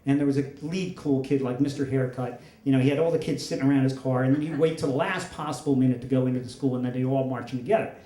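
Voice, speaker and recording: A man's voice: mid-range voice, fairly even intonation, fast talker, few pauses, warm tone. A man in his fifties telling a funny, self-deprecating story on stage at a story slam. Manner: wry, self-deprecating humor. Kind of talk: live comedic storytelling. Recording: roomy echo.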